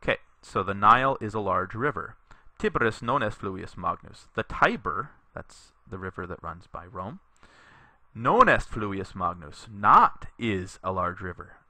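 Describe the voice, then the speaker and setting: A man teaches a Latin lesson in a recorded tutorial, reading each sentence slowly so learners can repeat it. His voice sits a little low yet sounds very bright. The sound is dry and close, with no room around it. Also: sing-song, no echo. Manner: slow, deliberate reading aloud for learners to repeat; explanatory, patient, with fillers.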